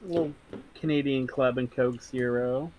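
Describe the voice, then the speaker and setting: A man's voice: mid-range voice, moderate pace, a little mellow, slight background noise, poor audio. A man co-hosting a podcast, chatting casually and giving short, amused, teasing replies. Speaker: podcast co-host. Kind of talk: casual chat, reacting.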